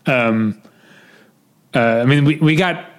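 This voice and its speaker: A man's voice: mid-range voice, takes it slowly. Chatty Midwestern man, rambling. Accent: Midwestern American. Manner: rambling, lots of fillers and self-corrections. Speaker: podcast co-host. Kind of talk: casual chat.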